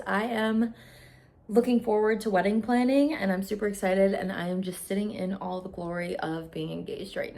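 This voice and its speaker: Gushing young woman vlogger. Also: mid-range voice. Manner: gushing, emotional, chatty. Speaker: beauty vlogger. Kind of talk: casual storytime chat.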